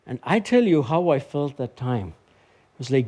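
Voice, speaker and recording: A man preaching a sermon, telling a personal story and building to emphatic, lively peaks. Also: mid-range voice, moderate pace. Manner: animated, climbs to emphatic heights when storytelling and preaching.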